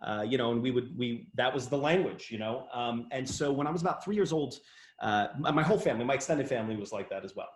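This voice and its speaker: Guy from new york state, jokey and animated, lots of restarts, roomy echo. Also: mid-range voice, fast. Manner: playful teasing, lively, stumbling restarts. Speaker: guest, business owner. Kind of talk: casual interview. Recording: echoey room.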